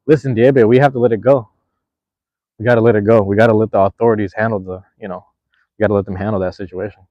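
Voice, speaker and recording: A young man hosting a live stream, chatting with viewers in a relaxed, slangy, rambling way. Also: on the low side, quick pace, dry recording, lo-fi sound. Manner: laid-back, slangy, rambling. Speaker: livestream host. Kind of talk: casual live chat with viewers.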